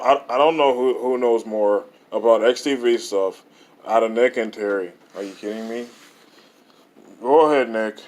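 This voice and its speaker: A man's voice: mid-range voice, darkish tone. A man co-hosting a podcast in casual banter, joshing and laughing often. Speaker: podcast co-host.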